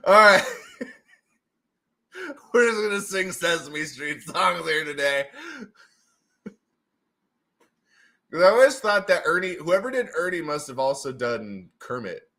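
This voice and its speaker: Lively, bright-voiced male streamer. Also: a little high, unhurried, pauses often. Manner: excitable and goofy, laughs often, breaks into silly voices. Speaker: livestream host running giveaways. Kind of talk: casual livestream chat.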